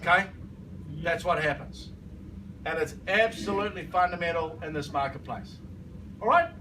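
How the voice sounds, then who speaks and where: A man's voice: on the high side, expressive, moderate pace. A man giving a motivational business training talk to a live audience. He speaks emphatically, repeats his points and keeps asking the room to agree. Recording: distant mic, noisy room.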